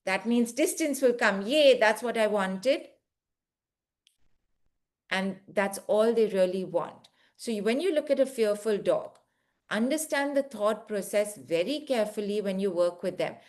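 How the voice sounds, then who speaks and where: A woman's voice: mid-range voice, moderate pace. A woman teaching an online dog behaviour course, earnestly acting out what fearful dogs are thinking. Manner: earnest, acts out dogs' thoughts in first person.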